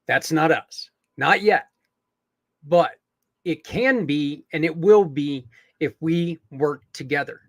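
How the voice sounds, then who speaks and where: An earnest podcast host speaks in a fairly high voice, wandering through asides and fillers as he appeals to his listeners. The sound is dry and close, with no room around it. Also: takes it slowly, no room sound.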